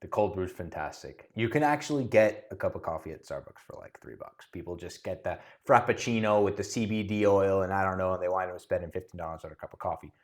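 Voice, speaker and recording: A man's voice: sits low, expressive, fast talker, few pauses. A man co-hosting a casual podcast, chatty and opinionated, often restarting his sentences. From Miami. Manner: chatty, self-interrupting, opinionated. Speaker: podcast co-host, realtor.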